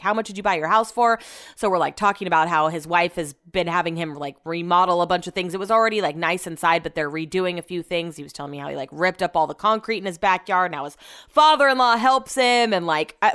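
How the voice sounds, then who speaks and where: Chatty woman, smooth voice. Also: lowish voice, a bit bright. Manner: chatty, heavy use of "like", swears freely. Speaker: storyteller. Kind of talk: casual storytelling.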